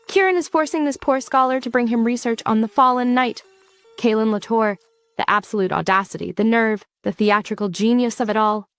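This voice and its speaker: A woman's voice: medium pitch, no room sound. A woman narrating a story recap from a script, in a campy, sarcastic and theatrical way.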